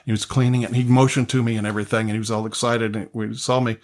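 A man's voice: mid-range voice, flat delivery, rapid-fire. Earnest man telling a sermon story. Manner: earnest, with frequent restarts and repeated phrases. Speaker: pastor.

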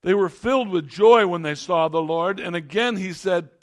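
A man's voice: fairly high pitch, lively intonation, measured pace, vocal fry. A middle-aged man preaching a sermon, reading scripture and telling stories in a conversational way with frequent restarts. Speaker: pastor.

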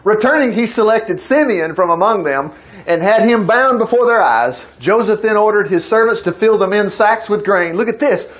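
A male preacher, reading scripture and retelling the story in an animated, conversational way, slipping into the characters' voices. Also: high voice, normal speed. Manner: animated storytelling, voicing characters in quotes, repeating words. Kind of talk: sermon reading and explaining scripture.

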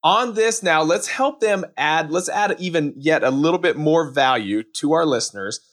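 A man's voice: on the high side, expressive, normal speed, a bit bright. Hyped man hosting a podcast. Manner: hyped, salesy, playful. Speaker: podcast host.

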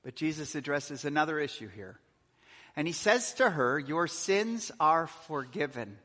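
A man's voice: on the high side, very animated, measured pace, bright, forceful tone. A male pastor preaching a sermon, earnest, with rising and falling emphasis. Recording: long hall reverb.

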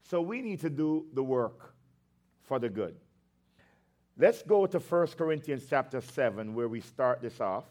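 A man's voice: mid-range voice, expressive, a little mellow. A male pastor preaching a sermon, drawing out his words for emphasis and breaking into conversational asides between scripture readings. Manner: slow, emphatic preaching with drawn-out phrases.

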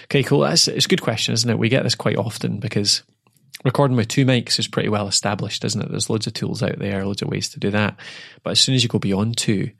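A Scottish man hosts a relaxed podcast, talking in a chatty, joking way with lots of ums and restarts. His voice has a gravelly edge and sounds close and dry, with no room around it. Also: fairly low pitch, quick pace, dry recording. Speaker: podcast host. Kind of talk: casual podcast chat.

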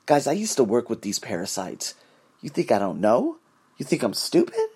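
A man's voice: medium pitch, huge pitch swings, moderate pace, darkish tone, husky. A man hosting his own podcast, ranting in a profane, emphatic solo monologue. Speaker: podcast host.

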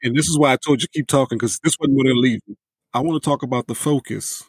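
A man's voice: mid-range voice, fast, husky, no echo, poor audio. A man hosting a podcast interview, reflective, speaking directly to his listeners. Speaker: podcast host.

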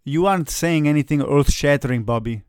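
A man with a foreign accent, calm and drily skeptical, co-hosting a casual soccer chat. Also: a little high, fairly quick, clear, resonant tone, no room sound, clean studio sound. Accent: non-American. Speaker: soccer podcast co-host.

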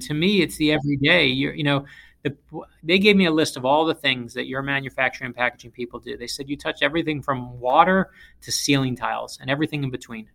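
Gravelly man telling stories with emphasis. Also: mid-range voice, fast. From South Florida, US. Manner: emphatic, animated storyteller. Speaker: author and guest speaker. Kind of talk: interview storytelling.

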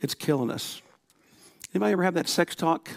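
A middle-aged pastor preaches to his church congregation, telling stories with laughs and acting out quotes. His fairly high voice moves a little fast with vocal fry, and there is no room sound.

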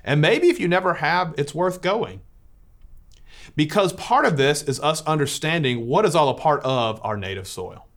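A man's voice: on the high side, very animated, moderate pace, fairly bright tone. A Catholic priest telling a personal story to listeners in an earnest way, often restarting as he searches for words.

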